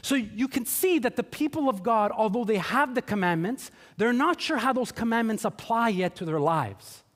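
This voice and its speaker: A man's voice: extremely high pitch, animated, moderate pace, fairly bright tone. A man preaching a sermon in a chatty, joking way, acting out quotes in playful voices. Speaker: pastor. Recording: long hall reverb.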